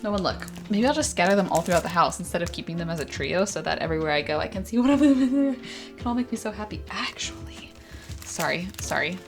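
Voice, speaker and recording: A young woman vlogging casually to camera, chatty and excitable, gasping and squealing over what she unwraps. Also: on the low side. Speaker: lifestyle vlogger. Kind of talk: casual vlog chat to camera.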